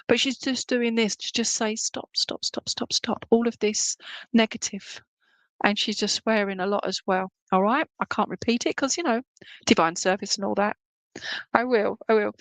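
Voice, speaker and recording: A woman's voice: a little high, a bit bright, no echo, low-quality recording. A woman working as a spiritualist medium, giving a chatty, emotional reading at a church service and tagging her lines with "okay?". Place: church service, streamed online.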